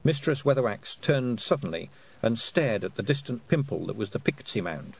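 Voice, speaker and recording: A man reads a storybook aloud with an expressive, husky voice. His pitch moves a lot from phrase to phrase. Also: moderate pace, low-quality recording. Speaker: audiobook narrator. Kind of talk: scripted narration.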